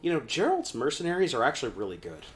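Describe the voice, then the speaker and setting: A man co-hosting a video game let's play who explains the mechanics and teases along the way. His voice sits at a middle pitch, and his humor is dry. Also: wildly swooping pitch, fast. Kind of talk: casual gameplay commentary.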